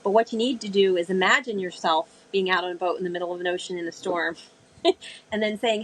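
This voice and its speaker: Husky woman telling a sailing story. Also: lowish voice, a little fast, poor audio. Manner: animated storyteller, acts out quoted speech. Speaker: guest, sailor. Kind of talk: storytelling interview.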